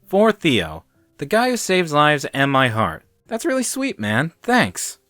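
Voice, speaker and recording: A man's voice: fairly high pitch, huge pitch swings, measured pace, fairly bright tone, no room sound, clean studio sound, faint music behind, pitched above the performer's own voice, full character voice. A man voicing a cocky young man who talks in a confident, far too cheerful way. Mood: smug.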